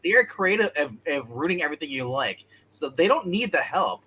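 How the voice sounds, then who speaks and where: A man's voice: on the high side, very animated, over a noisy crowd, low-quality recording. A man co-hosting a casual comic book chat, joking and cracking wisecracks. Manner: jokey, quick to crack wisecracks. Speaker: co-host.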